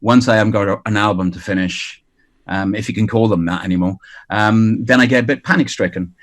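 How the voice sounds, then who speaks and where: A Welsh man in his fifties, a musician guest on a radio interview, talking in a halting way with many fillers and restarts. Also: fairly low pitch. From Wales. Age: 50s. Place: outdoors by the sea.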